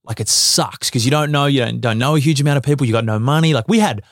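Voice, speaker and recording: A young Australian man on a casual podcast, telling lively stories, swearing freely and laughing often. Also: medium pitch, fast talker, dry recording, studio quality. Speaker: podcast guest, former basketball player.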